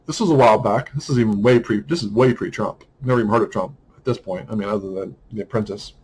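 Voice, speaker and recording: A man's voice: lowish voice, quick pace, a little mellow, slight background noise, poor audio. A man talking through a casual podcast monologue, rambling, with many restarts and fillers.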